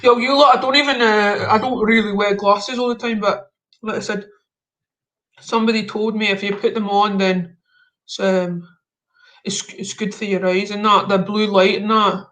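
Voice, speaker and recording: A man's voice: high-pitched, steady tone, moderate pace, sharp tone. Man ranting in live-stream banter. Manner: mock-confrontational banter, street slang. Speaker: livestream host. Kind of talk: casual live-stream chat.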